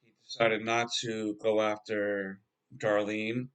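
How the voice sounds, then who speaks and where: A man casually recapping a TV episode as a reviewer, halting and rambling with frequent filler words and a laid-back, slangy way of talking. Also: fairly low pitch, little pitch movement, fairly bright tone, clean tone. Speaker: TV show reviewer.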